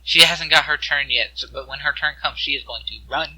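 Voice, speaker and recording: A man running a tabletop game as game master, narrating scenes and explaining rules in a halting way over voice chat. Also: fairly high pitch, bright, forceful tone, a little hiss or hum, rough recording.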